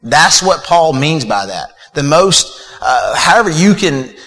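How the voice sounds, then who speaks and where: Bright-voiced preacher in a reverberant hall. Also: male voice, on the high side, sing-song, a little slow. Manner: conversational preaching with fillers and repeated words. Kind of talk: sermon.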